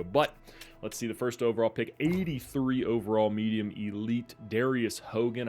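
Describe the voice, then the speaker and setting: Young male gaming creator, lower voice, casual filler-heavy commentary. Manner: relaxed, chatty, many fillers. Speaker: gaming YouTuber.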